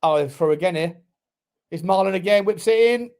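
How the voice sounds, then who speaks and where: Shouting, swearing football fan. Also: male voice, high-pitched, normal speed, smooth. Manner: swearing, yelling at the players. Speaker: football channel host. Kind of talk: live match watchalong commentary. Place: his room at home.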